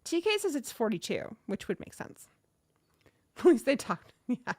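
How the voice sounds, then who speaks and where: A woman's voice: fairly high pitch, a little slow, no room sound. Chatty woman livestream host in her thirties, dry close mic. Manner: chatty, animated, reads chat aloud. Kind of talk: casual livestream storytelling.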